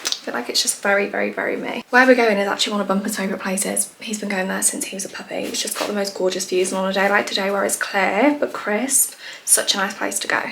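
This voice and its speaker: A woman's voice: steady tone, quick pace. Chatty woman vlogging outdoors. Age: late 20s. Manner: chatty and bubbly, high sing-song baby talk to her dog. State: slightly out of breath from climbing. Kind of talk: casual vlog chat. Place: outdoors on a cold winter hill walk. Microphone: phone held while walking. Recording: outdoor phone audio with clear background noise.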